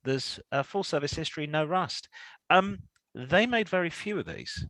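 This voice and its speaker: Male co-host, animated delivery, bright tone, dry close sound. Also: on the high side, moderate pace, no room sound, low-quality recording. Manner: rambling, chatty, lots of fillers. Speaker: podcast co-host. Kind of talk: casual car chat.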